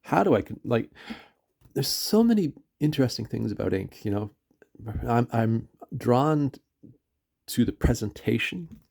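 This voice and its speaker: A man's voice: medium pitch, expressive, a little slow, gravelly, pauses often, a little mellow. A man with a Canadian accent reviewing his favourite inks in a casual, rambling vlog, full of hesitations, fillers and self-corrections. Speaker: pen and ink reviewer.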